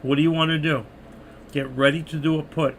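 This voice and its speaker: A man's voice: fairly high pitch, flat delivery, fairly quick, a bit bright, slight background noise. An older man with a New York accent, chatting through stock trades on a live stream and reading viewers' messages, losing his voice. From New York City. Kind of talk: live market commentary.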